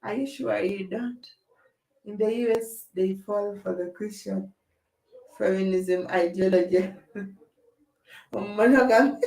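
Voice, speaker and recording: A woman chatting with her live audience in an animated way, laughing often and acting out quarrels. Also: mid-range voice, slow, creaky, pauses often. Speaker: livestream host. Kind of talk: casual chat with live comments. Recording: echoey room.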